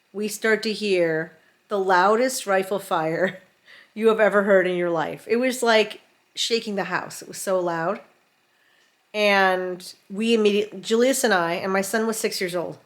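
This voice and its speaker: This is a middle-aged woman recounting a story at home, casual and animated. She slips into the voices of people in the story as she goes. Her pitch sits in an ordinary middle range. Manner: animated, acts out quotes. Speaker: vlogger. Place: home in rural mountains.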